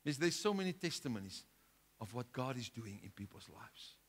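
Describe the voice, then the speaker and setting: A male pastor preaching a sermon, driving his points home with rhetorical questions and swinging between loud outbursts and hushed lines. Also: mid-range voice, sing-song, moderate pace, husky.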